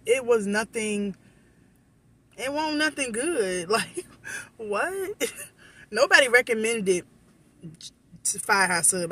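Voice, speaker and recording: A woman's voice: medium pitch, fairly bright tone, slightly rough. A woman vlogging into her phone while she waits outside, chatting casually and bluntly with her viewers and swearing freely. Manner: talks straight to viewers as y'all. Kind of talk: casual vlog chat.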